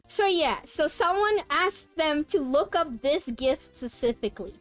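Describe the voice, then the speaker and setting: A young adult woman streamer chatting with her viewers in an animated, dramatic storytelling way. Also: sits high. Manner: animated, dramatic storytelling with sudden shrieks and laughs. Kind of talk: casual chat with stream viewers.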